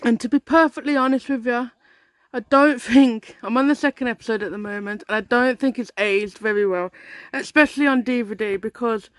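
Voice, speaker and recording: A woman's voice: a little high, fairly quick. Chatty British woman hosting a vlog. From United Kingdom. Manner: chatty, upbeat, rambling asides. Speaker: vlogger host.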